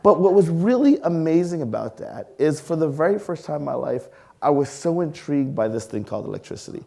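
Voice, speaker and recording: Male speaker, 40s, warm low-toned lecturer, animated storyteller addressing a hall audience. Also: brisk, creaky. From Canada. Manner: lively storyteller, acts out voices, engages audience with questions. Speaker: science museum leader giving a public talk. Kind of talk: public lecture with personal stories.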